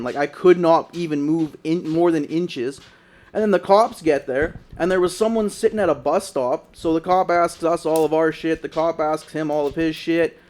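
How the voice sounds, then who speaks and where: A man's voice: a little high, darkish tone. A young man, co-hosting a podcast, telling a long story in a rambling, casual way, peppered with "like" and cursing. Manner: rambling, lots of "like" and profanity. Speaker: podcast co-host.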